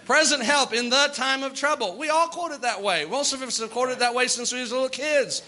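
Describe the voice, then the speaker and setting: A man preaching a sermon as pastor, earnest, with quick asides and little laughs. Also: very high voice, sharp tone.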